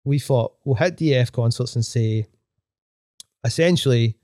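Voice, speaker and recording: A man's voice: mid-range voice, a little slow, darkish tone, dry recording, clean studio sound. A middle-aged man with a Glaswegian accent, telling stories in a rambling way, full of restarts and swearing. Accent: Glaswegian Scottish. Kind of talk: casual podcast chat.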